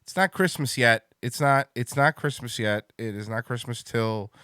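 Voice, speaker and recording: Loud excitable streamer man, dry mic. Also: medium pitch, moderate pace, clear, resonant tone, no room sound. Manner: loud, excitable, swears freely. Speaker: livestream show host. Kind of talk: casual livestream chat.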